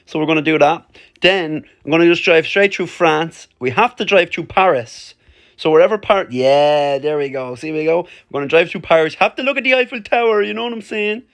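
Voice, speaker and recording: Yeah so young irish guy vlogging, fairly high voice, chatty and excited, punchy. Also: a little fast. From Ireland. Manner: excitable and chatty, often punching words loudly. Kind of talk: casual vlog chat to camera.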